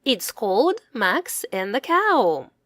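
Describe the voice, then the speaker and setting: A woman reads a children's story aloud at a very slow, deliberate pace. Her voice swings up and down in a lively sing-song way, like someone reading to toddlers. The recording is dry and close, with no room sound. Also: on the high side, no room sound. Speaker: storybook reader and author.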